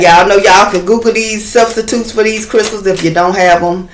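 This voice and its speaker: Woman, tarot reader, mid pitch, loose and blunt, roomy echo. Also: steady tone, moderate pace, few pauses, background noise. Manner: chatty and blunt, swears freely, often calls viewers "y'all" and "baby". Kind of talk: casual tarot reading to viewers.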